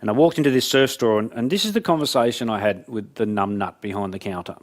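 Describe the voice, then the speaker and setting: A man's voice: on the low side, fast. An Australian man giving a brash, joking motivational business talk to a live audience, acting out conversations as he goes. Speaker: business speaker. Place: event room with audience.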